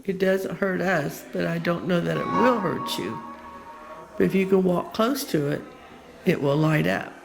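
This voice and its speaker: A paranormal investigator gently asking spirits questions and pleading with them to light up the devices in an old seminary building. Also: mid-range voice, a little slow, creaky, over music. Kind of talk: ghost-hunt session calling out to spirits.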